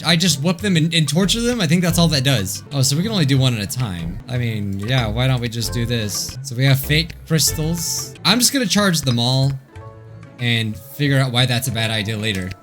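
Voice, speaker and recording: Young guy playing a game and joking around, voice all over the place, bit of music behind. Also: medium pitch. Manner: excitable, joking, laughing. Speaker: gaming video host. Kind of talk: let's play commentary.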